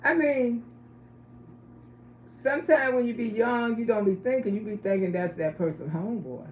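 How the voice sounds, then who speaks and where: A woman's voice: a little high, moderate pace, reverberant. Middle-aged woman, livestream storyteller, blunt and chatty, faint background hiss. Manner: blunt, chatty, asks the audience questions. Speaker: livestream host.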